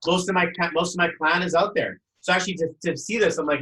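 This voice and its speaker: Male coach, upbeat host on a video call, a touch high-pitched, rambling and effusive. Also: fast, hardly any pauses, a bit bright, roomy sound, slight background noise, rough recording. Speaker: numerology coach hosting a group call. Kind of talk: casual group video call.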